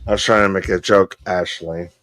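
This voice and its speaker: A man's voice: sits low, steady tone, moderate pace, fairly bright tone, dry recording. A man chatting casually in a clip, making crude teasing jokes.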